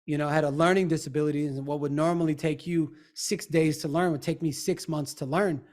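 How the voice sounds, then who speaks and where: A man's voice: on the high side, fairly even intonation, fairly quick, darkish tone. A man, a motivational speaker and coach, talking emphatically as an interview guest. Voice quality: had a speech impediment in youth. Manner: emphatic, acts out quoted people.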